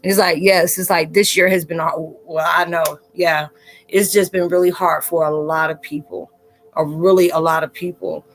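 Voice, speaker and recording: A woman's voice: on the low side, steady tone, normal speed, soft background music, rough recording. Rambling, reassuring woman livestreaming. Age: adult. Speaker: livestream host. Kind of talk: casual livestream chat reading viewer comments.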